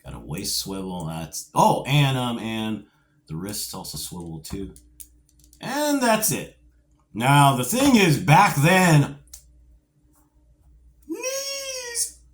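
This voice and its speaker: Lively, slow-talking middle-aged toy reviewer man. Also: medium pitch. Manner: animated and rambling, with playful asides; nostalgic, geeky enthusiasm. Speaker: toy collector reviewing action figures. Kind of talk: casual video review.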